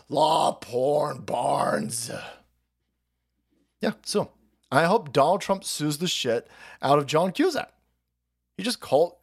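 A man hosting a political livestream, ranting in a profane, combative and sarcastic way. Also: on the high side. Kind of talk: ranting commentary.

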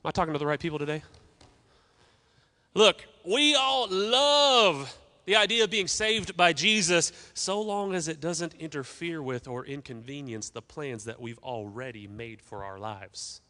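A man's voice: on the high side, lively intonation, measured pace, pushed and bright. A man preaching a sermon as pastor, emphatic, with call-and-response asides to the congregation. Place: church sanctuary.

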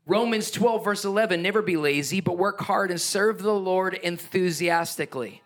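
A pastor delivering a sermon with emphatic, energetic preaching. His voice sits fairly high for a man, and he drops into playful asides with a chuckle. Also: normal speed.

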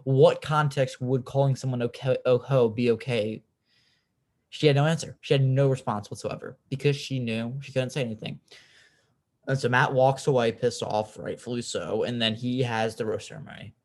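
A man's voice: medium pitch, fairly even intonation, normal speed, a little mellow. Chatty, opinionated young podcast man. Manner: chatty, opinionated, swears freely, lots of "like". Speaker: podcast host. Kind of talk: casual recap podcast.

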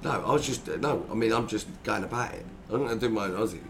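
A man's voice: fairly low pitch, racing, gravelly, a little hiss or hum. A man co-hosting a podcast, telling rambling, chaotic stories in casual chat. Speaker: podcast co-host.

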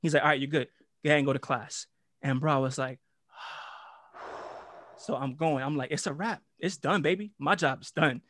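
Young man, New York accent, casual storyteller, profane and animated, dry close mic. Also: on the high side, moderate pace, pauses often, dry recording. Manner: animated, profane, slangy, acts out voices. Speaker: guest storyteller.

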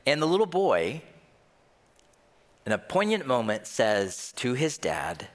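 A man preaching a sermon, telling a film scene with lively acted-out voices. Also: medium pitch, measured pace. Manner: animated storytelling, acts out scenes. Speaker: pastor. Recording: long hall reverb.

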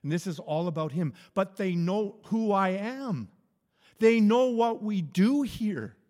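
A man's voice: sits high, animated, a little slow, darkish tone. A man preaching an informal sermon, telling stories in a conversational way, often restarting his phrases and chuckling. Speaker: pastor. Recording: long hall reverb.

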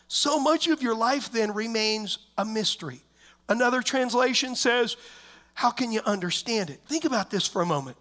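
A man's voice: sits high, sharp tone. A man, a pastor, preaching a sermon in church, telling a personal story and often asking the congregation whether they know what he means.

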